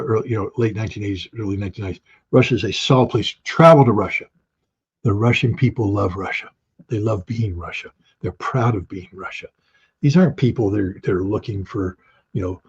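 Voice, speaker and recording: A man's voice: mid-range voice, darkish tone, breathy edge. A middle-aged man giving blunt, emphatic political commentary as an interview guest, hammering points through repetition. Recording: dull lo-fi sound.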